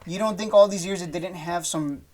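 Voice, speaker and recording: A man's voice: high voice, fairly quick, a little mellow. A man giving casual stock market commentary over charts, blunt and profane, rambling with frequent restarts. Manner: blunt, swears freely, dismissive of panic; loose and rambling with many restarts and fillers.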